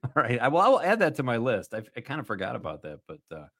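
A man's voice: mid-range voice, wildly swooping pitch, fast, fairly bright tone. A man hosting a casual talk show quiz. He is upbeat, laughs often, and reads the questions with emphasis. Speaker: radio show host.

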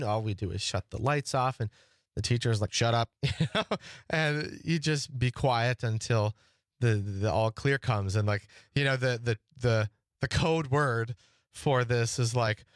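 A man in his forties speaking as a parent, halting with restarts at first and building to indignant outrage. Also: medium pitch, no echo, studio quality. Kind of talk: impassioned personal testimony.

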